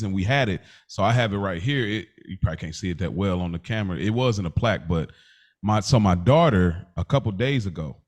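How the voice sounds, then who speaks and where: A man co-hosting a casual podcast, telling a personal story with emotion and asking reflective questions. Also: lowish voice. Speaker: podcast co-host.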